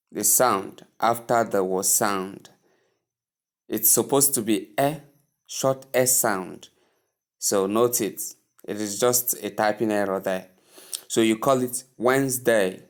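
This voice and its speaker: A man teaching English pronunciation, repeating each word slowly and asking the listener to say it after him. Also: lowish voice. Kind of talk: slow, deliberate spoken lesson.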